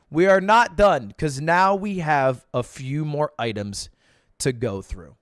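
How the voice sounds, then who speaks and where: A young American man streaming, chatting casually and jokily, breaking into loud outbursts now and then. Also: on the high side, slow pace, dry recording, studio quality. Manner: animated, jokey, swings into loud outbursts. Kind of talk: casual livestream chat.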